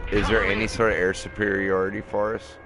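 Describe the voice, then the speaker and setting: A man's voice: fairly low pitch, little pitch movement, a little fast. A man giving casual, profane gameplay commentary, rambling and laughing often. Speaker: gamer playing a flight combat game. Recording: game noise in the background.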